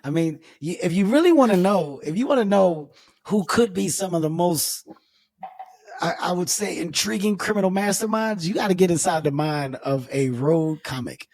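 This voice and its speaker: A man hosting a podcast, telling a profane, animated story in casual chat. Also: sits high, normal speed. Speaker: podcast host.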